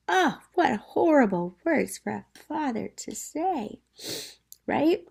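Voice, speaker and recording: A woman's voice: high-pitched, sing-song, takes it slowly, vocal fry, darkish tone. A woman teacher explaining a play to students in a conversational way, often checking in with rhetorical questions.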